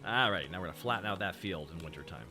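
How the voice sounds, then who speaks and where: A man's voice: low-pitched, animated, fast talker, music in the background. A man chatting casually and joking with profanity while he streams a game. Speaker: VTuber streamer.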